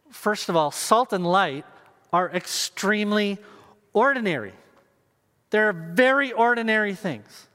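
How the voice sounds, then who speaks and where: A man preaching a sermon to viewers, earnest and measured, with pauses and emphatic repetition. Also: high-pitched, a bit bright, big-room sound. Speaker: pastor.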